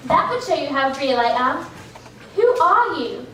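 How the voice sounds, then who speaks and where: A young woman playing a blunt, contrary orphan girl who is forthright and sharp-tongued. The voice is very high, and it comes from far back in an echoey theater. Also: big pitch swings, normal speed, a little hiss or hum, exaggerated voice. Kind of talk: stage acting in a school musical. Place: school theater stage.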